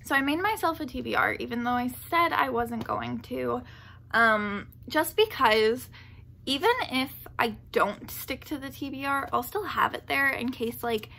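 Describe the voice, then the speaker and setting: A woman's voice: high-pitched, moderate pace, vocal fry, pushed and bright, slight background noise. A woman chatting casually on her book vlog, rambling and gushing, laughing often and packing her talk with "like.". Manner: rambling and gushing, heavy with "like" fillers; laughs often mid-sentence. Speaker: book vlogger.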